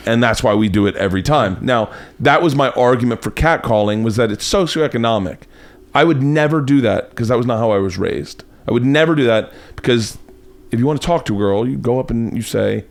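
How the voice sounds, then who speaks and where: A man from Florida hosting a podcast, telling stories in casual chat and breaking into loud put-on voices. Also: medium pitch, expressive, a little fast. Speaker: podcast host. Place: home studio.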